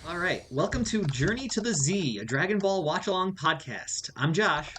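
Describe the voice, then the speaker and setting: A man's voice: high voice, very animated, moderate pace, a bit bright, slight background noise. Young man, twenties, podcast co-host, casual and explanatory, lo-fi audio. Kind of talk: casual chat. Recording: lo-fi home recording.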